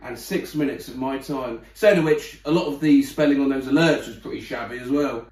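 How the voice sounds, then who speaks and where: A man's voice: medium pitch, a little fast, a little mellow. Man chatting from across a room. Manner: joking, laughing while carving. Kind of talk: casual chat. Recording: distant, roomy with faint noise.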